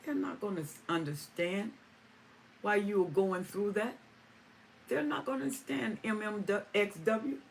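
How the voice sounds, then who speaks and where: A livestream host with a medium-pitched, expressive voice and vocal fry takes her time replying to viewer comments. She's emphatic, repeating lines for stress, on a distant mic with faint ambient noise.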